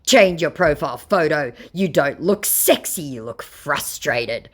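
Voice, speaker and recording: A woman reading out a rude male online scammer's messages in a slow, drawn-out mocking voice. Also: sits low, lively intonation. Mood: sneering.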